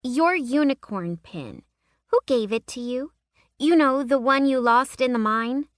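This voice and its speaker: A woman voicing a bright, precocious little girl who lectures emphatically in an audiobook. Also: high-pitched, animated, a little slow, dry recording, clean studio sound, pitched above the performer's own voice. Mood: eager.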